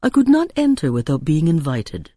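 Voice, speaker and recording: A woman's voice: deep voice, sing-song, normal speed, warm tone, no echo, clean studio sound. A woman voicing a mysterious, somber grown man who speaks in formal, stilted phrases. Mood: grave.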